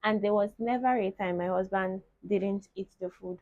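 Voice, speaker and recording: Young woman vlogger, animated storyteller, mellow tone, dry lo-fi recording. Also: medium pitch, moderate pace, no room sound. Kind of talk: casual chat to camera.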